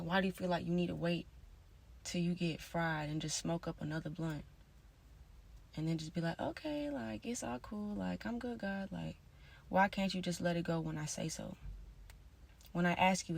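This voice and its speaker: Gravelly-voiced woman rambling in slang. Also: low voice, flat delivery, normal speed, long pauses. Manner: rambling, slangy, many "like" and "you feel me"; drifts between soft mutters and louder bursts. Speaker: vlogger. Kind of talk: casual confessional monologue.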